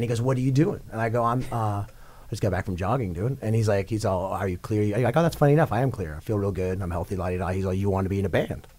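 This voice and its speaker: Give me a low-voiced, excitable man, a rock singer, telling rambling stories in a radio studio. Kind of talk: casual storytelling interview.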